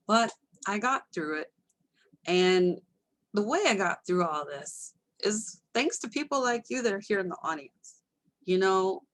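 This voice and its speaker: Woman, storyteller, casual and animated, self-mocking humor, home mic. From Texas. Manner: animated, acts out quoted voices with sudden pitch jumps; candid, self-mocking asides. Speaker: storyteller presenting her life story to an online audience.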